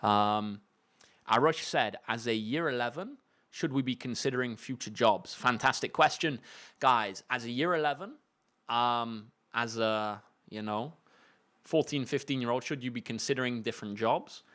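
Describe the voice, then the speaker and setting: A young man with a British English accent chats through viewer questions on a maths tutoring livestream. His talk is loose and friendly, with frequent fillers and self-corrections. He sounds like a relaxed tutor at ease with his audience. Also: medium pitch, moderate pace. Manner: relaxed, chatty, many fillers and restarts. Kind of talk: casual livestream Q&A.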